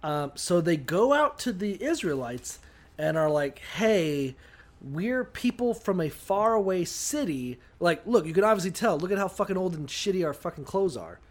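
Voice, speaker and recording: A man's voice: high-pitched, sing-song, normal speed. A man co-hosting a casual comedic chat, swearing freely and acting out lines from a Bible story. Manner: profane, jokey, acts out voices. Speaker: podcast co-host.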